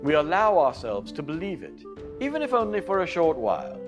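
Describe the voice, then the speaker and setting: A man's voice: on the high side, huge pitch swings, fairly quick, over music. A man in a put-on English accent narrating a training video in a playful, theatrical and emphatic way.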